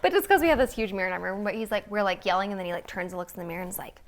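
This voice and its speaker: A young woman co-hosts a relaxed talk among moms, with a voice of middling pitch. She talks in a chatty, animated way and laughs often. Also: rapid-fire. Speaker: co-host. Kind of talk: casual chat among moms.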